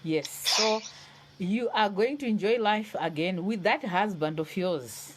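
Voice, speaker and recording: A woman's voice: mid-range voice, unhurried. A woman hosting a live call-in stream, reassuring a caller and repeating her phrases for comfort. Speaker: host.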